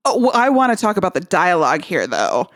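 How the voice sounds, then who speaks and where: Woman podcast co-host, lively and swinging in pitch, casual and a bit foul-mouthed. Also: fast talker. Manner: expressive, swears casually. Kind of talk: casual chat about a film.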